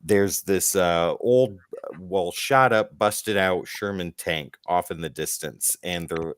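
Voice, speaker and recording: A man's voice: sits low, takes it slowly, clear, resonant tone, dry recording, clean studio sound. A man co-hosting a casual comic-book podcast, retelling scenes with acted quotes and the occasional swear. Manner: animated storytelling, acts out quotes, swears. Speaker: podcast co-host.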